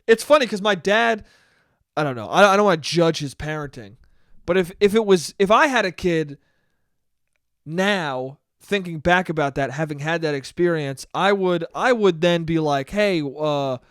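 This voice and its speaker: A young man hosts a solo podcast, telling a rambling, profane story that pokes fun at himself. His voice is a little high, animated and fairly bright, at normal speed, recorded in clean studio sound with no echo.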